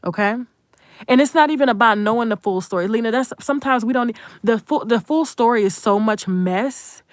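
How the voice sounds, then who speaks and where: A woman's voice: on the high side, a little fast, no echo, studio quality. A woman, hosting an unscripted commentary monologue in a blunt, profane, emphatic way and talking straight to viewers. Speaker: commentary channel host.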